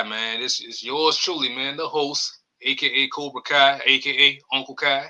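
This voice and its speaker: New man, podcast host, loose rambling chat, very bright tone. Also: mid-range voice, fairly even intonation, moderate pace, hardly any pauses, poor audio. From New Orleans area. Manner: loose, rambling, reads chat comments aloud. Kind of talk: casual live-stream sports chat.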